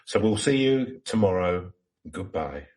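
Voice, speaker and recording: A man's voice: low-pitched, lively intonation, a little slow, darkish tone. A man co-hosting a casual podcast, chiming in with teasing, sarcastic remarks. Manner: teasing interjections, sarcastic quips. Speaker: podcast co-host. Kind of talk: casual chat.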